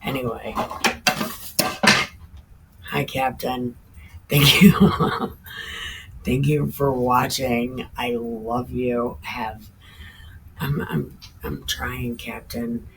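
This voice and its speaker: A woman's voice: extremely low pitch, fairly even intonation, gravelly, noisy background. A woman casually reading the Bible aloud and commenting on it in an irreverent, chatty way, laughing often and swearing now and then. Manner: drawn-out, emphatic sign-off sayings.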